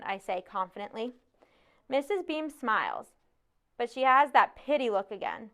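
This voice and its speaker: Woman, audiobook narrator, measured storytelling, smooth resonant voice. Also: fairly high pitch, sing-song, fairly bright tone. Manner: measured first-person storytelling. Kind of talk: scripted narration.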